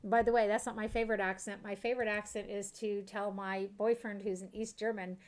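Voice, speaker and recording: A woman's voice: mid-range voice, little pitch movement, fairly quick. A woman from Kentucky, chatting casually and giggling as she streams a life-sim game. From Kentucky, USA. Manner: chatty, giggly, talks to her chat.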